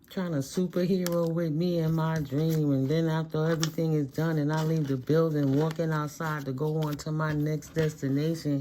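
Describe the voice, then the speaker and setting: A woman speaking in a casual, unhurried monologue, her voice sitting on the low side. She is blunt and profane, pressing her points hard and breaking into laughs. A faint hiss of noise sits under the recording. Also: warm tone. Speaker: spiritual reader.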